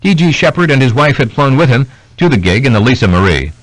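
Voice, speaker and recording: Dry, steady male audiobook narrator. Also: medium pitch, quick pace, no room sound, poor audio. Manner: steady, even reading of a biography. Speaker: audiobook reader. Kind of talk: scripted narration.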